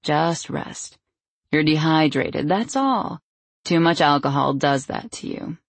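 A woman narrator voicing a glamorous aunt who talks in a soothing but brushing-off, quietly sly way. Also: low voice, lively intonation, takes it slowly, creaky, no echo, full character voice. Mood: dismissive. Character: glamorous aunt, breezy and dismissive.

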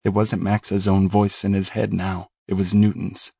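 A man narrating a horror novel as an audiobook, in a measured, grave and steady delivery. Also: deep voice, vocal fry, breathy edge, no room sound, studio quality.

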